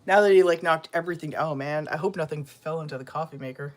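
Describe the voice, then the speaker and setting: Expressive and low, a woman's voice moves at a normal speed in a casual home vlog. She chats away with viewers to camera, turns to talk with her cats, and leans on plenty of fillers.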